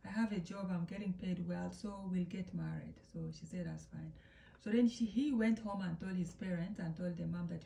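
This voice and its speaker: Gravelly chatty woman telling a story. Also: on the low side, normal speed. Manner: chatty, animated, acts out quotes, drops to whispers. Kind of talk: casual storytime narration. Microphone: phone. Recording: echoey room, distant from mic.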